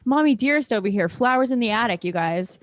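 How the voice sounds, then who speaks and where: A woman's voice: on the high side, expressive, quick pace, dry recording, studio quality. A woman co-hosting a podcast in casual chat, telling rambling, profane stories with mimicked quotes. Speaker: podcast co-host.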